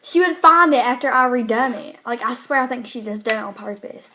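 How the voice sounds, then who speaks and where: A teenage girl with a slightly high voice rambles through a casual chat. She hesitates often and leans on fillers. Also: animated, a little fast, pushed and bright. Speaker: co-host.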